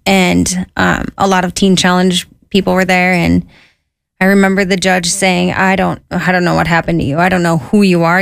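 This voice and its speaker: A woman with a somewhat low voice tells her own story in a relaxed, conversational way. She slips into lively quoted voices for the people in her tale. The sound is close and dry. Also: creaky, no echo. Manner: lively, quotes herself and others in an animated voice. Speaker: guest sharing her testimony.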